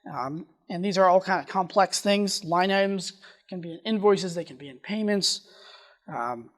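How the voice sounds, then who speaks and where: A speaker at a developer conference explains a software topic at a quick clip. The speech keeps doubling back and restarting mid-sentence. The voice sits at an ordinary middle pitch. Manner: talks fast, restarts sentences often. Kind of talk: technical conference presentation.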